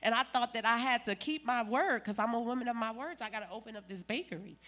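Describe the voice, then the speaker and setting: A woman's voice: a little high, fast, fairly bright tone. A woman giving an emphatic, preachy church testimony as a guest.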